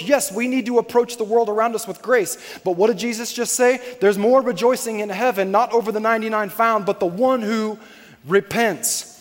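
A man with a high-pitched voice preaches a sermon. He speaks conversationally but with emphasis, often repeating his key points. His voice carries a long reverb, like a large hall. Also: brisk. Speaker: pastor.

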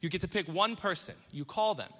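A man in his thirties preaching a sermon on stage to a congregation, telling stories with animated, self-deprecating humor. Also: sits high, a little fast, in a large hall. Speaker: pastor. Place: church stage before a congregation.

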